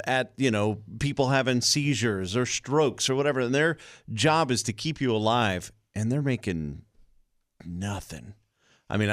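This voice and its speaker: A man, co-hosting a casual podcast and speaking earnestly with halting restarts. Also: fairly low pitch, dry recording, clean studio sound. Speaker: podcast co-host.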